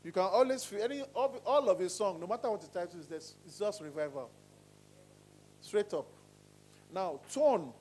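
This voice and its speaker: Animated vocal coach, high voice. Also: male voice, normal speed, slight background noise, rough recording. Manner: animated, demonstrating voices with sudden pitch swings. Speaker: singing coach. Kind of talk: voice lesson to a class.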